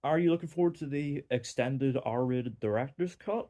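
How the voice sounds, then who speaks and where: Northern Irish man, mellow rambling review. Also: medium pitch, moderate pace. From Northern Ireland. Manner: rambling, many "like" fillers, wry. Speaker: film reviewer. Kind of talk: casual spoken movie review.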